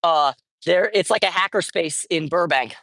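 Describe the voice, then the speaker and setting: A woman's voice: lowish voice, normal speed, creaky, fairly bright tone, no echo. A woman talks off the cuff through a livestream as she feeds street cats outdoors. She rambles, stops mid-phrase and corrects herself. Her voice sounds close and dry, with no room around it. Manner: rambling, self-correcting, chatty. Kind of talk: casual livestream chat. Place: outdoors at a street cat feeding spot.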